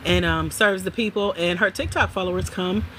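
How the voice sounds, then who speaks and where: A woman hosting a livestream from home, chatting casually with viewers in an animated way and laughing often. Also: lowish voice, normal speed, slight background noise. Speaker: livestream host.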